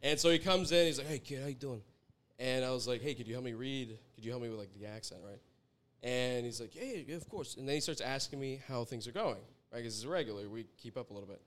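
A man's voice: medium pitch, fast, fairly bright tone. A young adult man, a chef guest, telling a rambling story in a casual interview, laughing often and swearing freely.

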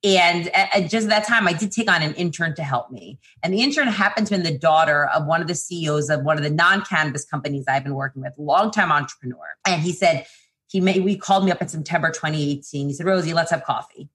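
A woman who founded a PR agency, talking casually and quickly in an interview, with lots of fillers and restarts. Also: deep voice, fairly bright tone.

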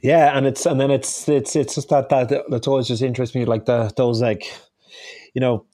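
A man's voice: mid-range voice, flat delivery, moderate pace, dark tone, no room sound. Irish man telling stories in a dry, close sound. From Ireland. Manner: rambling, self-correcting storyteller. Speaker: guest chef. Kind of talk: casual conversation.

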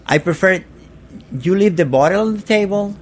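Male guest, English not his first language, slightly high voice, halting casual delivery. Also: a little hiss or hum. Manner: halting, repeats words while searching for English. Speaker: guest artist. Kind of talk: casual interview chat.

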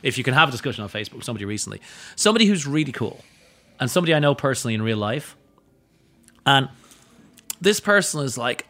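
A man talking as a guest in a casual podcast chat, an animated storyteller whose voice leaps up in pitch when he acts out other people. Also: brisk. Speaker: guest, drinks educator and writer. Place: studio table with bottles and glasses.

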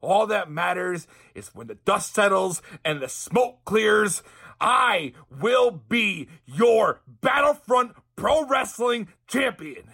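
A brash wrestler barks a boastful, shouted promo in a gravelly, high, bright voice, as a man puts him on. The sound is raspy and cutting. He threatens everyone in his path. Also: big pitch swings, slow, exaggerated voice.

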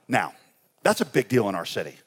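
A male pastor telling a story in a conference sermon, conversational and humorous, his voice climbing high when excited and dropping soft when reflective. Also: fairly quick, husky.

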